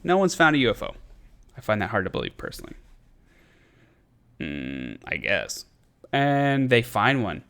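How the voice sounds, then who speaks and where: A man's voice: lowish voice, wildly swooping pitch, normal speed, pauses often, fairly bright tone, clean tone. A man hosting a podcast, ranting in a casual, sarcastic, profane comedic way. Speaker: podcast host.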